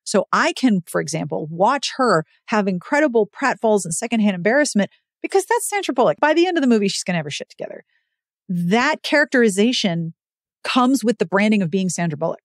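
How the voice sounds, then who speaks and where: A woman with a mid-range voice hosts a podcast, chatting casually and fairly quickly about books and reading. Her delivery is emphatic, animated storytelling, and the recording is dry and studio quality.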